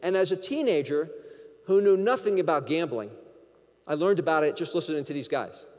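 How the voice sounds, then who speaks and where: High-voiced man telling stories in a hall. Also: fairly quick. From Connecticut, USA. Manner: lively anecdotal storytelling, acting out dialogue. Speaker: keynote speaker. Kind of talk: storytelling keynote speech. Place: large conference hall. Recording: long hall reverb.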